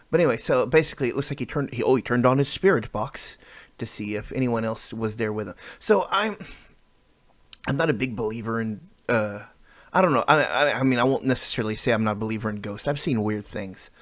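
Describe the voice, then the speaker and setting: A man rambling through reaction commentary in a middle-pitched voice, joking at his own expense and stumbling into restarts. The sound is dry and close on a studio mic, with no room around it. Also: dry recording. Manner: rambling, self-deprecating, many restarts. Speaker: YouTuber reacting to videos. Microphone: new studio microphone.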